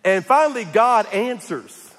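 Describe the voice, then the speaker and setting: Humorous preacher in an echoey hall. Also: male voice, high voice, lively intonation, unhurried, a bit bright. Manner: humorous, repeats and restarts, calls for amens. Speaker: pastor. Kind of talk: sermon.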